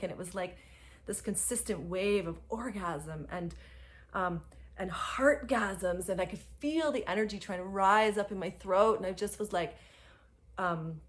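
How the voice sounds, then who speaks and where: A young adult woman telling a personal spiritual story, emphatic and full of fillers and soft laughs. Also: medium pitch. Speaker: spiritual guide.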